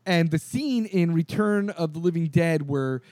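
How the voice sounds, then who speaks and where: A man co-hosting a podcast, telling stories in an animated, profane way and acting out the quotes. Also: fairly high pitch, measured pace, no room sound. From California. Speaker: podcast co-host. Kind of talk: casual chat.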